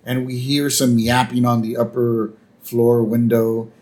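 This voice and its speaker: A man's voice: medium pitch, monotone, a little slow, darkish tone. A man co-hosting a podcast, laid-back and chatty, agreeing with lots of "yep" as he recaps an episode. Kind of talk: casual chat.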